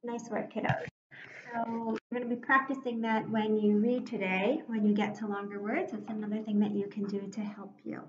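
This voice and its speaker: A woman teacher giving a phonics lesson to young children, speaking slowly and clearly with encouragement. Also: medium pitch, flat delivery. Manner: slow, clear, encouraging classroom delivery. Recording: roomy, dull lo-fi classroom recording with faint noise.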